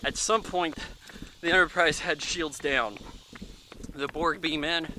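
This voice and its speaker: Very bright-voiced, chatty man reviewing a movie. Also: on the high side, fairly even intonation, slow, a little hiss or hum. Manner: offhand and chatty, thinking aloud with many fillers. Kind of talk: casual rambling movie review.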